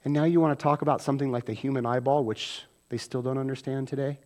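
Speaking at medium pitch and a quick pace, a pastor delivers an animated sermon. He acts out quoted voices and swings between loud bursts and hushed asides.

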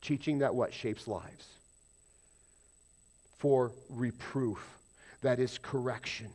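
A man preaching a sermon to a congregation, emphatic, putting questions to the listeners and swinging between loud stresses and quiet asides. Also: mid-range voice, slow pace. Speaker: pastor.

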